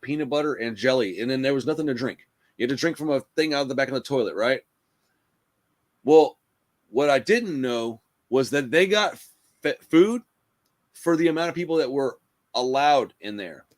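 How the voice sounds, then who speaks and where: A man, hosting a casual chat and telling a rough story in a profane, animated way, full of "bro" and "dude.". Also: mid-range voice, moderate pace. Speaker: podcast host.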